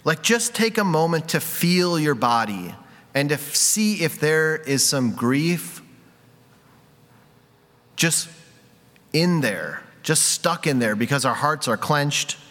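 A man's voice: a little high, fairly bright tone. A man preaching a conversational sermon, candid and self-deprecating, with many casual fillers. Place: church sanctuary. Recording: reverberant hall.

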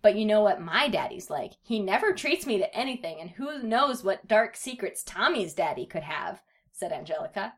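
Very animated and speaking at normal speed, a comedy podcast host reads fan fiction aloud. She laughs a lot while giving the baby characters fake high voices.

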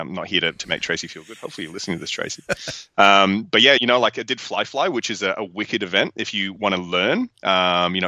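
A man's voice: deep voice, no room sound. A young Australian man telling rambling, sweary stories in a casual podcast interview. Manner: rambling, sweary, animated storytelling. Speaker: guest.

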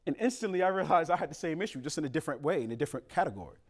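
A man preaching a sermon as pastor, conversational with street slang and sudden loud emphatic rises. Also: a little high, expressive, rapid-fire.

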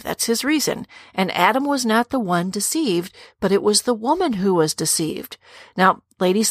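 A middle-aged woman teaches scripture on a podcast in an earnest, direct way, talking straight to her women listeners. Her voice sits at an ordinary middle pitch. It is recorded close and dry, with no room sound. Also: no echo.

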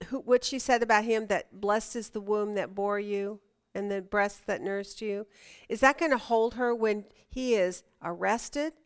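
High, smooth-voiced woman teaching Bible study. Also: fairly bright tone. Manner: chatty and emphatic, asks the class questions.

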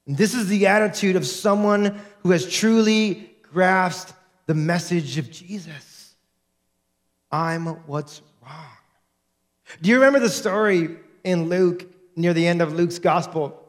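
A pastor with a high, light man's voice delivers a sermon. He preaches with animation and slips into the voices of the people he quotes. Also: measured pace.

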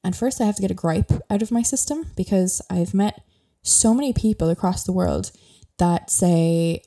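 Talking a little fast with few pauses, a young Irish podcast host rambles casually, using lots of fillers. She has a medium-pitched, warm-toned voice.

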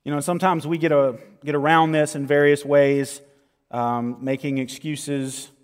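Guy preaching, kinda high voice, big echoey church hall, gets loud and slows down to hit a point. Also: flat delivery, clear, resonant tone. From American South. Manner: earnest, rising to emphatic peaks, slows for stress. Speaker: pastor. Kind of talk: sermon. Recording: long hall reverb.

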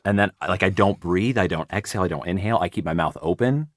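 A man's voice: low-pitched, fast. A man, a voice actor, talking shop casually, rambling and breaking off mid-thought to demonstrate sounds. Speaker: voice actor guest.

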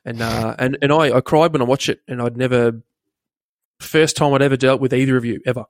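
A man's voice: mid-range voice, steady tone, a little fast, no echo, studio quality. A man hosting a podcast interview, laid-back and casual, often saying mate. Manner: laid-back, says mate and dude a lot. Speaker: podcast host.

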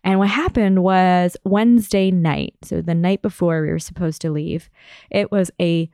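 A young woman casually telling a travel story in a chatty, animated way, laughing now and then. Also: fairly low pitch, moderate pace, smooth, dry recording, clean studio sound.

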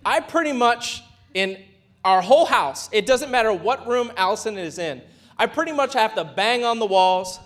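Pastor, male, very high voice; chatty sermon delivery, acts out quotes, builds to shouts. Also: expressive, moderate pace. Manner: conversational preaching with playful asides and acted-out quotes.

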